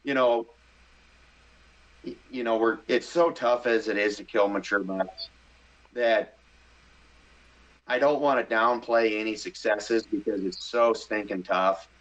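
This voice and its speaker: A middle-aged man, a podcast guest, telling a story in casual chat, animated and excitable, acting out his own inner voice. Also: on the low side, unhurried, pauses often, low-quality recording.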